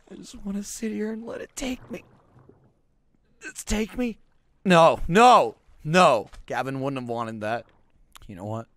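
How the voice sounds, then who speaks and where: Melodramatic young man gaming, lively pitch. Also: slow pace, pauses often. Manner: melodramatic mock grief, swinging between shouts and mutters; swears freely. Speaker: let's play gamer. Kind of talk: comedic gameplay commentary.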